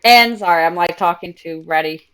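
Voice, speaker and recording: A young woman streaming live, chatting excitedly and telling stories while she plays a game. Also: on the low side, a little fast, smooth. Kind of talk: casual gaming stream chat.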